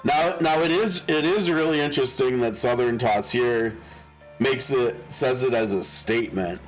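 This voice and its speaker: A male streamer chats over a game, musing aloud with frequent chuckles and false starts. His pitch sits in an ordinary middle range. Soft game music runs faintly underneath. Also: normal speed, poor audio. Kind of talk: casual live game-stream commentary.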